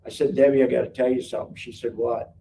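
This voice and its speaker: Speaking fast in a level tone, this guest recounts his life story as casual testimony and acts out the conversations. His mid-range voice is gravelly yet warm. He's on a live stream call mic that sounds distant and carries faint noise.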